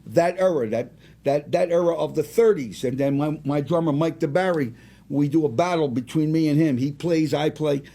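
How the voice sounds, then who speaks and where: A man around seventy, a singer and restaurant owner, telling rambling, animated stories as a guest in a casual interview. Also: fairly high pitch, normal speed, creaky. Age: about 70.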